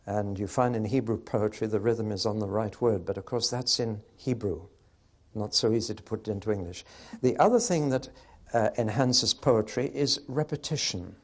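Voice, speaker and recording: Male Bible teacher, medium pitch, explanatory lecture delivery, recites verse in rhythm. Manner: explanatory, asks the audience questions.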